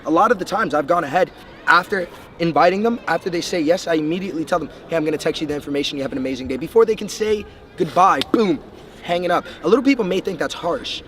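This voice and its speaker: A man's voice: on the high side, a bit bright. A young man from the Bahamas giving emphatic, step-by-step motivational sales coaching. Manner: brisk, emphatic, lays out numbered steps. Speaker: sales trainer. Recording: distant mic, faint street noise.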